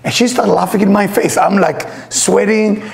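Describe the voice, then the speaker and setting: Gravelly animated spiritual teacher. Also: male voice, high-pitched, moderate pace. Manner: animated, acts out voices in his stories; uses non-native English grammar. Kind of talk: storytelling lecture.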